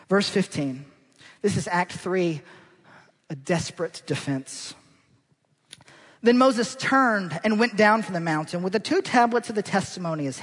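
A male preacher giving an animated, rhetorical sermon that draws his congregation in, heard in a church hall. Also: sits high. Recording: long church-hall reverb.

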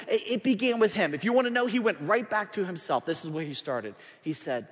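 A man preaching a sermon as pastor in a large church, dropping to hushed pleading and rising to loud, urgent appeals. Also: high voice, big pitch swings, a little fast, hardly any pauses. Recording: long hall reverb.

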